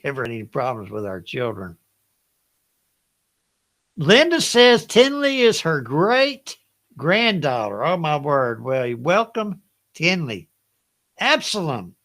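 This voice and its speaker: Older Southern man, lively, bright trivia host. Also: a little high. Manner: chatty, folksy, laughs often, reads each question twice. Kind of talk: hosting a live Bible trivia game.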